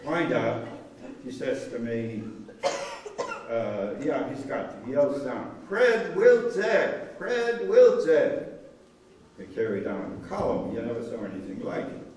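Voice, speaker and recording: A man's voice: mid-range voice, a little slow, a little mellow. A man, a cantor telling a story at a memorial and acting out the dialogue with animation. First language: Polish. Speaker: cantor giving a memorial talk. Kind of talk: storytelling talk. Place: synagogue hall. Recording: echoey hall, voice from far off, faint noise.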